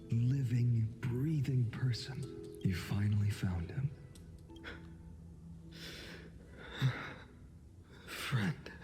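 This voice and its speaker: An actor playing a weary young male hero in a video game, speaking in a solemn, hushed and resolute way. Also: mid-range voice, close to an everyday voice. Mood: sorrowful.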